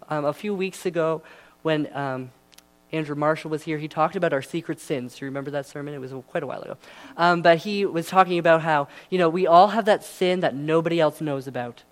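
A man's voice: fairly high pitch, brisk. Chatty young man preaching. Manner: casual and chatty, many fillers. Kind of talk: sermon.

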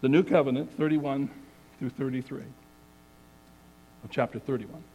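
A man delivers a sermon in an earnest, measured way, teaching at an even pace. His voice sits at an ordinary middle pitch. He leans into the scripture passages with emphasis. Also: breathy edge, poor audio. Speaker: preacher.

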